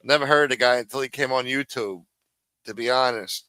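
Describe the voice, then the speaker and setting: A man's voice: mid-range voice, fairly even intonation, a little fast, sharp tone, smooth, no echo. A man hosting a live stream, commenting casually on a clip in a rambling, profane, exasperated way.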